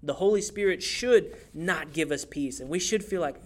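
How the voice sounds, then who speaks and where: A young man preaching a sermon in a church, conversational and animated, acting out quotes as he goes. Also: a little high, normal speed, few pauses. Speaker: youth pastor.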